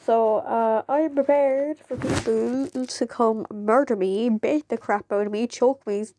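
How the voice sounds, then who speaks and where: A woman's voice: on the high side, a little slow, noisy background. A young woman chatting casually in a vlog, rambling with many "like"s. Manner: rambling, filled with "like", jumps into excited quoted voices. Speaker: vlogger. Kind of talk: casual chat to camera.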